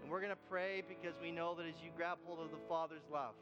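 A man's voice: on the high side, steady tone, fast, in a large hall, highs cut off, over music. A man preaching a sermon as pastor, telling a story and speaking earnestly to fathers.

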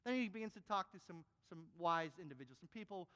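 High-voiced preacher booming through a hall. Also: male voice, quick pace. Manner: animated preaching, swinging from quiet to loud and emphatic. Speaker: pastor. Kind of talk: sermon. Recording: long hall reverb.

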